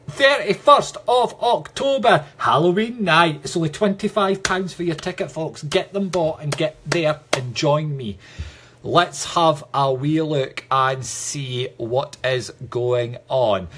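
A man's voice: fairly high pitch, fairly bright tone, breathy edge. A Scottish man working as a psychic medium, giving chatty, affectionate readings to viewers on a livestream and calling them sweetheart.

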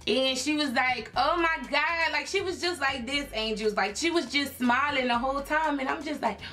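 A young woman from Philadelphia telling a personal story in a casual vlog, chatty and animated, full of fillers and acted-out quotes. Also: high-pitched, normal speed. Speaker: YouTube creator.

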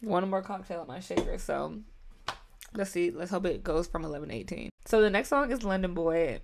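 A woman's voice: lowish voice, lively intonation, a little fast, gravelly. A woman chatting casually as she reacts to an album, effusive and slangy, talking back to each song. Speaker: music reaction YouTuber.

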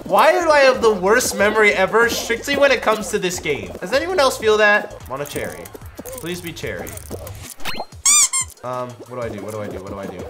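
Excitable young man yelling over gameplay. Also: high-pitched. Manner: excitable, yelling and trash-talking in bursts. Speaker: gaming YouTuber. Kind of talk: live gameplay commentary. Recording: music playing behind.

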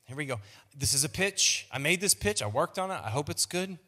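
A man's voice: fairly high pitch, lively intonation, fairly quick, sharp tone. A male pastor preaching a sermon in a playful, self-mocking way, often repeating words. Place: large church auditorium. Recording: long reverb of a church hall.

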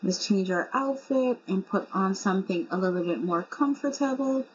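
A young woman casually commenting on her life-simulation game in an excitable, informal way. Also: mid-range voice, normal speed, breathy edge. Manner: chatty, excitable, informal with fillers like y'all. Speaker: gaming video creator. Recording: slightly muffled with faint hum.

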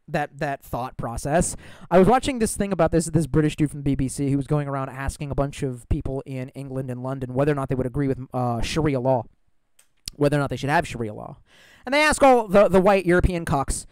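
A man's voice: on the high side, no echo. A man chatting frankly on a live stream, rambling, swearing freely and reading out viewer comments.

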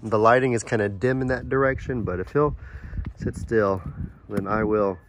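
A man filming a casual farm vlog outdoors on his phone, chatting in a rambling way and softly coaxing his animals. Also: on the low side, normal speed. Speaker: farm vlogger. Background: light wind outdoors.

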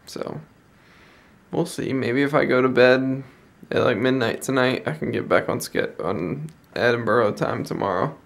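A man's voice: mid-range voice, a little slow, creaky. A young man, vlogging in a chatty, rambling way and often correcting himself as he tells a story. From United States. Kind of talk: casual storytelling vlog.

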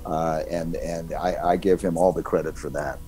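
A man's voice: low-pitched, little pitch movement, normal speed, dark tone, faint music behind. An older man, a guest voice actor in a casual interview, talking reflectively with chuckles and many restarts.

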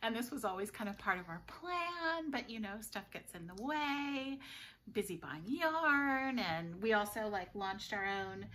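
A woman's voice: medium pitch, animated, measured pace, pushed and bright. A middle-aged woman who runs a yarn shop, chatting casually with frequent giggles. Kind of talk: casual chat.

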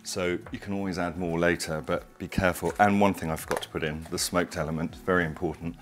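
Chatty deep-voiced man cooking. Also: fairly even intonation, quick pace. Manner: chatty, digressive, enthusiastic. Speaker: cooking show host. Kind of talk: casual cooking demonstration. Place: home kitchen.

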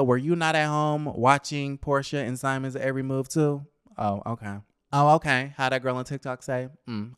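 A man's voice: medium pitch, a bit bright, clear, resonant tone, no echo, clean studio sound. A young man giving sassy, chatty gossip commentary on a reality show, talking straight to his viewers.

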